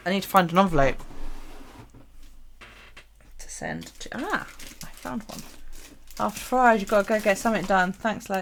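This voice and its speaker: A woman's voice: medium pitch, very animated, moderate pace, gravelly, pauses often, a little hiss or hum. Giggly, sweary woman. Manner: chatty, giggly, sweary, rambling. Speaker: bullet-journal livestream host. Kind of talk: casual live-stream chat.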